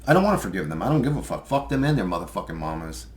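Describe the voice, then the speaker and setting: A man's voice: sits low, sing-song, racing, few pauses, echoey room. A man talking in a loose, rambling monologue, cursing freely and laughing between thoughts. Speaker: channel host. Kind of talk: casual monologue.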